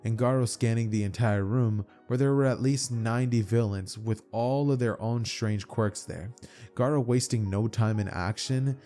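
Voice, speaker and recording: A man narrating a fan-made what-if story in a loose, run-on style, tripping and restarting as he goes. His voice sits at an ordinary middle pitch. Faint music plays under the telling. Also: normal speed, warm tone. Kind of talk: casual fan-fiction storytelling.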